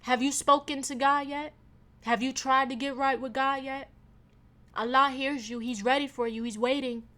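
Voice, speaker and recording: A young woman rants on her own podcast, swearing freely and breaking into sudden loud bursts. Her voice sits fairly high and rings bright and forceful. She talks in a loose, animated, casual way. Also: normal speed. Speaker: podcast host. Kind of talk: casual solo podcast rant.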